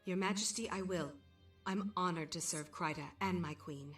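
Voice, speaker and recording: A woman's voice: lowish voice, normal speed, a bit bright, natural voice. A woman playing an earnest game heroine, eager to help, music playing underneath. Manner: earnest, dutiful. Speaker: player hero in a game cutscene. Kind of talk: video game voice acting. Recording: game audio with background music.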